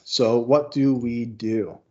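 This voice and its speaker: A man's voice: medium pitch, steady tone, takes it slowly, warm tone, dull audio. A male instructor giving a casual, explanatory recorded lecture walkthrough with informal asides.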